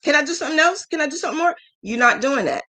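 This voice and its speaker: Animated, frank woman mentor. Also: rapid-fire. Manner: animated storytelling, acting out quoted voices with big pitch jumps; frank, emotional, scolding yet affectionate. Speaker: business mentor and crochet channel host. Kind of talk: live-stream mentoring talk.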